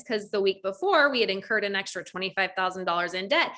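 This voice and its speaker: A woman's voice: mid-range voice, animated, quick pace, bright, forceful tone. A woman coach telling a personal story to a group over a video call, acting out quoted lines with lots of animation. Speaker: network marketing coach.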